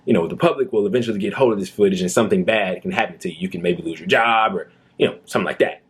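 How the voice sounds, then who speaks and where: Low husky man giving earnest commentary. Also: very fast. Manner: earnest, indignant, with many fillers. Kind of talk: reaction commentary.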